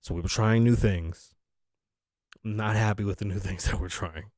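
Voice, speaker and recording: A man's voice: fairly low pitch, normal speed, darkish tone, no room sound, clean studio sound. A young man hosting a talk show, delivering a profane, ranting comedic monologue.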